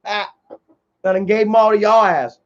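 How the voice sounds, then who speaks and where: A man's voice: high voice, normal speed, natural voice. A man doing a mocking impression of an older male politician with a slangy, exaggerated drawl and a pimp swagger, on a dull recording.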